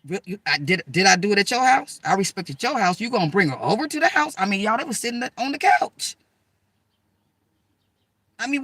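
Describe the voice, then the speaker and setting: Brassy, bright-voiced woman telling stories. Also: mid-range voice, a little fast, no room sound. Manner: animated, emphatic, addresses listeners as girl and y'all; slangy, profane, rambling. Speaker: storyteller. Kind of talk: casual personal storytelling.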